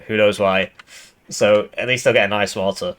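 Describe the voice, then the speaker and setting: Gamer guy, lowish voice, deadpan and sarcastic, rambles a lot. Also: moderate pace. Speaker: gaming YouTuber. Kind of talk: casual game commentary.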